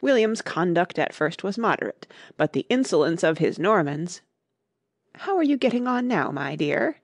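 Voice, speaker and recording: A woman's voice: lowish voice, sing-song, moderate pace, no echo, clean studio sound. A woman voicing a self-important mouse who lectures a crowd and takes offense easily. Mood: cross.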